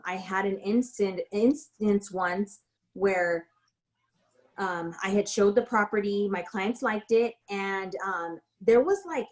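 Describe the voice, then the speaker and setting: A woman real estate broker talks through a casual tutorial, sharing stories from her work. Her voice sits at an ordinary middle pitch. She rambles in a chatty way, with plenty of fillers and self-corrections. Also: low-quality recording. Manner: chatty, frequent fillers and restarts.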